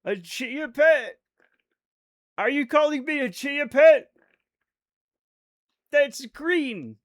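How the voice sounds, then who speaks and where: A man livestreaming a space game, chatting casually with viewers, excitable and rambling with plenty of swearing. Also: extremely high pitch, very slow. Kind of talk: casual chat with stream viewers. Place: home at night.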